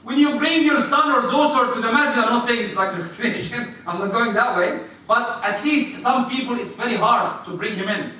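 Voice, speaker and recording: A man preaching a sermon in a mosque, animated, acting out little scenes and putting questions to his listeners. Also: very high-pitched, moderate pace, hardly any pauses. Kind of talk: sermon to a congregation. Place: mosque prayer hall. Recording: echoey hall, distant mic.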